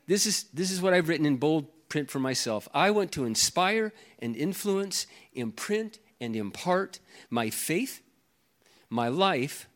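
A man's voice: on the high side, very animated, normal speed. A middle-aged man preaching a sermon as pastor, emphatic and given to repeating his key phrases.

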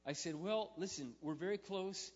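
A male pastor telling a story in a sermon, moving from quiet, intimate storytelling to loud, emphatic preaching. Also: sits high, normal speed. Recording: muffled sound with long hall reverb.

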